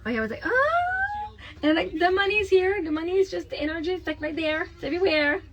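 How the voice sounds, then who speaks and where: A woman's voice: very high-pitched, racing, lo-fi sound, background noise. A woman, a mother, chatting casually to the camera at home in a rambling way with lots of fillers. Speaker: mother and vlogger. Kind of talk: casual home vlog chat. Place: home kitchen.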